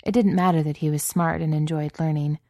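A woman reading a story aloud in calm, even narration. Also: low-pitched, brisk, dry recording, studio quality. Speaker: audiobook reader.

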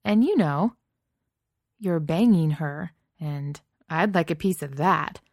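A woman voicing a brash, eager young male starship captain who talks in a bright, pushy, slightly flustered way. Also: low voice, expressive, slow pace, no room sound, clean studio sound, heavily acted.

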